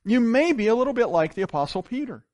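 A man preaching a sermon as pastor, telling stories with big swings from loud to hushed. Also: very high-pitched, fast, no room sound. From grew up on a farm. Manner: animated storytelling with wide swings in loudness.

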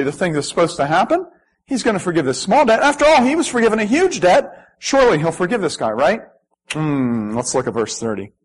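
A man delivers a sermon as a pastor, his voice sitting a little high with a husky grain. He reads scripture dramatically and speaks straight to his congregation. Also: rough recording. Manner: animated preaching with dramatic scripture reading.

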